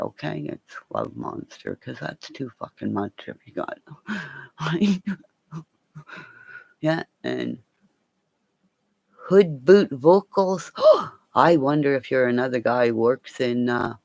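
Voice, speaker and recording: A woman's voice: very deep voice, sing-song, slow, vocal fry, pauses often, a little mellow, dry recording. A woman rambling and swearing in a casual livestream chat with her viewers, laughing often.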